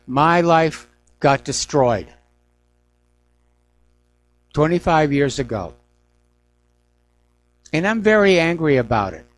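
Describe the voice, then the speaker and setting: A middle-aged man hosting a news talk radio show, giving emphatic, indignant opinions on the day's stories. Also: on the high side.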